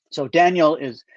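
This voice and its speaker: A man's voice: on the high side, dry recording. A man from Canada, an author introducing his novel in a casual, hesitant way with many fillers. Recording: dull dry lo-fi recording.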